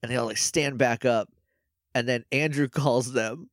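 Give me a podcast co-host man, animated and amused, with a dry, close sound. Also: mid-range voice, moderate pace, no echo. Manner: laughing, animated retelling with quoted voices. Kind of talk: casual chat recapping a show.

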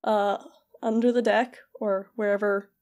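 A woman's voice: mid-range voice, flat delivery, darkish tone. A young woman co-hosting a podcast, recapping a video game in loose, rambling chat full of fillers, briefly voicing the characters. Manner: rambling, filler-heavy storytelling with quick voiced asides. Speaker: podcast co-host.

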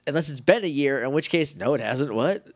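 A man's voice: a little high, animated, no echo, clean studio sound. A young man co-hosting a podcast, recapping a TV episode in rambling, jokey casual chat and briefly acting out the characters. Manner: rambling and jokey, acts out characters in quick voices. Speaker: podcast co-host.

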